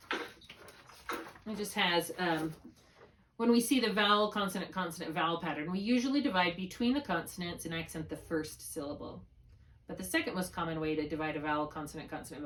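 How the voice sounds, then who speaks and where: A reading tutor works one-on-one with a student on spelling over a video call, patiently explaining each step and checking in with questions. Her voice is on the low side, with the mic distant and slight background noise; she's using a laptop mic, held while writing.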